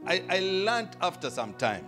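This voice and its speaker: A man's voice: on the high side, normal speed, music in the background. A middle-aged man preaching and praying in a church, stopping line by line for an interpreter and calling out to the congregation playfully. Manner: energetic, playful, calls out to the congregation. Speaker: pastor. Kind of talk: sermon with live interpretation. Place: church hall.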